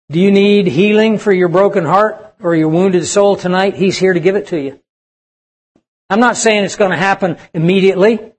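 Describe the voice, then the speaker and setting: A man preaching a sermon to young people, emphatic and asking the audience questions. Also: sits high. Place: church service with audience.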